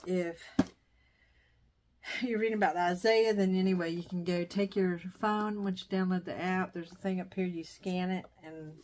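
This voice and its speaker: A woman's voice: on the low side, steady tone, normal speed, darkish tone. A middle-aged woman chatting casually in a home vlog, wandering off topic and coming back. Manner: chatty, digressive. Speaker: vlogger. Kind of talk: casual chat. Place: dining room used as sewing room.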